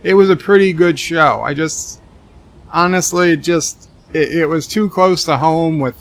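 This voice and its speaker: Man, game streamer, gravelly rasp, fairly high voice, deadpan jokes, rambling live-stream chat reading. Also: unhurried. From Texas. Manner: joking, deadpan replies to viewer comments; rambling asides with many restarts.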